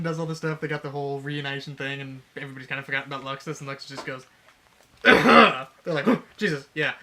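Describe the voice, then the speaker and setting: Brief: male co-host, bright and somewhat high voice, laughing, profane, acts out quotes in casual chat. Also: slight background noise. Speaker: podcast co-host. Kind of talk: casual chat retelling a fanfic.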